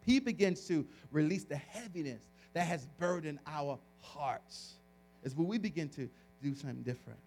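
A man with a high voice preaches to his congregation. He tells a personal story in a lively, animated way. He often restarts his phrases and breaks into laughter. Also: a little hiss or hum. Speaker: pastor. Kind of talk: storytelling sermon.

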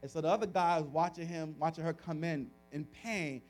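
A man with a high voice preaches to his congregation. He tells a personal story in a lively, animated way. He often restarts his phrases and breaks into laughter. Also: brisk. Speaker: pastor. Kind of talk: storytelling sermon.

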